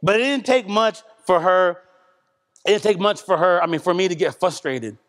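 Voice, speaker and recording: A man giving a candid, animated testimony at a church service, a self-described loud talker. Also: high voice, moderate pace. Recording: reverberant church hall.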